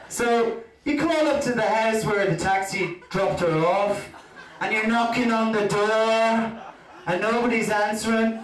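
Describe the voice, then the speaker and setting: On a comedy club stage, an Irish comedian with a high voice and a slightly slow pace wanders through his routine, leaning on "you know" again and again. The sound is echoey and distant, caught from far off in the club.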